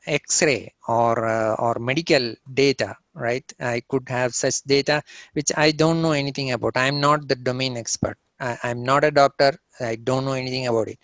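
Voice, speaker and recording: A man's voice: medium pitch, fairly bright tone, no room sound. Man questioner, long rambling questions, muffled dry call audio. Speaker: audience questioner. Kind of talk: asking questions in a Q&A.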